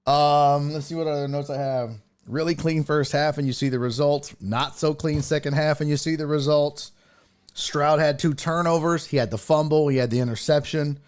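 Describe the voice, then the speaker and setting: A man's voice: a little high, fairly even intonation, normal speed, darkish tone, clear, resonant tone. A man hosting a sports talk show, chatting casually and thinking aloud as he reacts to the news.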